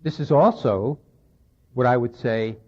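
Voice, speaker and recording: A man's voice: mid-range voice, a little slow, darkish tone. A man giving a conversational lecture, recounting a conversation and speaking with emphasis, on an old radio recording. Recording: dull lo-fi 1990s radio recording.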